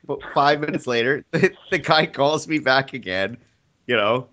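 A man who is a teacher, telling a story in casual chat, animated and acting out the people he quotes. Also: fairly high pitch, a little slow.

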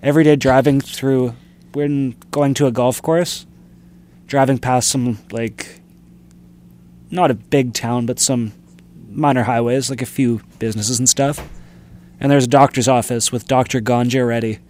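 A man's voice: medium pitch, steady tone, measured pace, darkish tone, slight background noise. A man co-hosting a casual podcast chat, recounting things hesitantly, often trailing off and restarting. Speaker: podcast co-host.

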